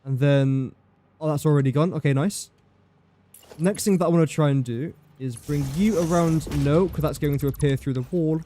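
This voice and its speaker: A man's voice: fairly high pitch, normal speed, dark tone. A young man livestreaming a building game, chatting casually and joking at his own expense while he talks to the pieces he places. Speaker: livestreaming gamer.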